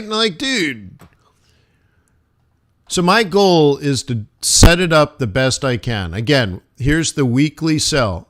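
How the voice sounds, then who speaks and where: A man's voice: on the high side, lively intonation, unhurried, pauses often, a bit bright. A man hosting a live forex trading stream, talking through charts in a casual, rambling way with joking asides.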